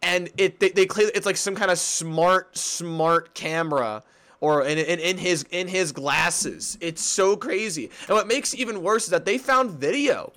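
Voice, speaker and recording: A young man co-hosting a casual sports podcast, excitable and giggly, tripping over and repeating his words. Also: sits high, unhurried. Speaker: podcast co-host.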